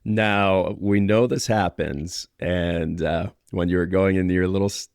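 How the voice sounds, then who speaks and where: A man hosting a podcast interview, relaxed, asking loose, rambling questions and laughing along. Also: sits low, a little slow, clean tone, no echo, clean studio sound. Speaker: podcast host. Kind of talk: conversational interview.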